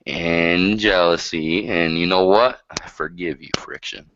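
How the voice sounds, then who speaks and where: A man's voice: deep voice, fairly even intonation, unhurried, a bit bright, dry recording. A man co-hosting a live stream, ranting in brash, profane banter. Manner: brash, ranting, swears constantly. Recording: lo-fi stream audio with faint hiss.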